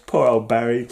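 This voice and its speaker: A man's voice: mid-range voice, gravelly, a little hiss or hum. A man casually chatting about comic books on his channel, rambling and jokey with frequent giggles. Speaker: comic book collector vlogger. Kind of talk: casual chat.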